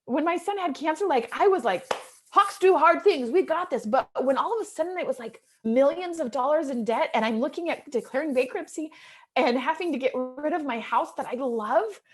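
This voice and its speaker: A woman's voice: high voice, a little fast. A woman in her thirties, a real estate investor, telling an earnest and emotional personal story to an audience. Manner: emotional, earnest storytelling that swings from hushed to excited.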